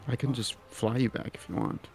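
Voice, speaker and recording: A man playing a tabletop game in casual chat, easygoing and halting. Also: mid-range voice, fairly even intonation, vocal fry, over music. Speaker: player. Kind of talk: casual tabletop role-play.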